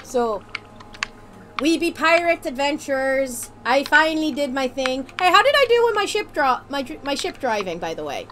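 A woman's voice: sits high, sing-song, moderate pace, a bit bright, a little hiss or hum. A woman streamer chatting while gaming, joking in mock pirate speech with a lot of swearing. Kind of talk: casual gaming chat.

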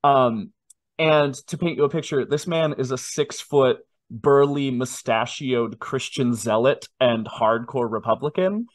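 A man in his twenties, telling a personal story in a casual interview with animated, self-deprecating asides. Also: medium pitch, unhurried, no room sound. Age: 20s. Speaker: guest.

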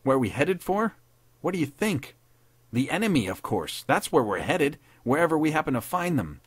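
A man's voice: on the low side, moderate pace, no echo, lightly acted. A man voicing a stern, bitter army captain who barks and sneers his questions. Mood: commanding. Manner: barking, sneering and savage.

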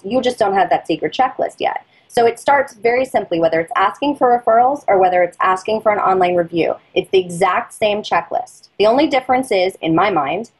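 Husky, persuasive middle-aged woman coaching. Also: medium pitch, rough recording. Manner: lively and persuasive, acts out patient and dentist dialogue. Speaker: dental marketing consultant, podcast guest. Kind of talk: energetic interview talk, coaching advice.

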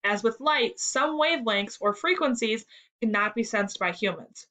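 A woman reading the lines of a patient adult male musician who explains clearly. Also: on the high side, animated, moderate pace, pushed and bright. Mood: explaining.

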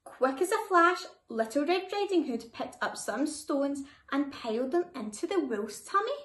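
A woman reading a children's story aloud in a lively, expressive way. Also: high voice, moderate pace. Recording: echoey room.

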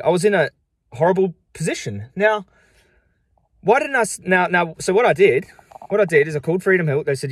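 A man's voice: high-pitched, lively intonation, a little fast, slightly rough, no room sound, clean studio sound. A young man vlogging to camera, upset and frustrated, talking in emphatic, defensive bursts and repeating himself.

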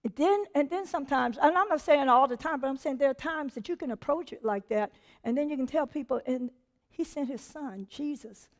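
A woman with a high, light voice preaches a sermon in a chatty, animated way. She acts out what people say and laughs easily as she teaches. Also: quick pace. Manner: animated, conversational preaching with laughter and acted-out quotes.

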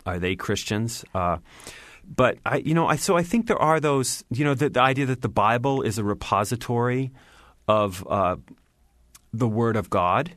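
A man's voice: fairly low pitch, fairly bright tone, no echo. A man talks through his answers in an interview. He is thoughtful and restarts phrases, weaving in fillers. The sound is dry and close. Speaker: author and scholar of religion, interview guest.

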